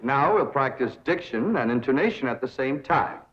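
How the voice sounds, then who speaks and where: A man's voice: medium pitch, lively intonation, moderate pace, fairly bright tone, a faint crowd, natural voice. A man playing a pompous would-be drama coach. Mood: grandiloquent. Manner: theatrical, flowery, affected diction. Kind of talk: 1960s sitcom acting. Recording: dull lo-fi TV sound with hiss.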